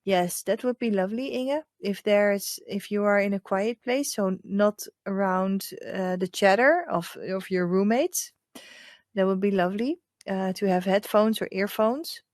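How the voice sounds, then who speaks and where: A woman with a Dutch accent, a hypnotherapist guiding a group through a calm, slow meditation. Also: no echo, studio quality. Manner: soft, lowered hypnotic voice in the guided part; chatty, warm welcoming with many fillers. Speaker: hypnotherapist leading a group session. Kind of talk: casual chat, then slow guided meditation.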